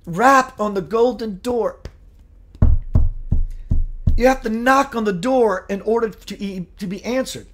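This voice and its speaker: A man hosting a live spiritual show, speaking in a gentle, earnest and meditative way and answering viewer comments. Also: high voice, unhurried, long pauses.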